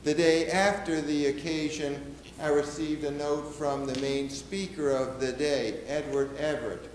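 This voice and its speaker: An actor playing a solemn middle-aged nineteenth-century American president, speaking in a measured, oratorical way. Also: male voice, a little high, level tone, reverberant, slight background noise, natural voice, poor audio. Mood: reflective. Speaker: historical reenactor. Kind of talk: first-person historical portrayal.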